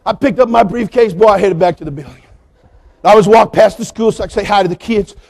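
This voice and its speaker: A man preaching a sermon as pastor, telling a story with big swings from quiet asides to shouting. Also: high-pitched, fast, vocal fry.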